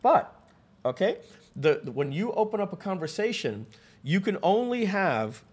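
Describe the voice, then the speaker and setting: Guy doing a webinar talk, kinda husky, pitch a bit up, keeps restarting and going "okay?" at folks. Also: moderate pace. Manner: animated storytelling, frequent restarts and asides to the audience. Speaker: webinar presenter. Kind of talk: live webinar presentation.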